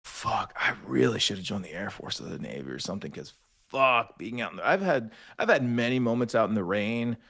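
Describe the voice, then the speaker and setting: Young guy swearing thru army stories, doing everyone's voices, kinda low pitched. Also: a little fast, vocal fry. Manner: profane, animated storyteller acting out quotes. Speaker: podcast guest, army veteran. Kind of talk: casual storytelling chat.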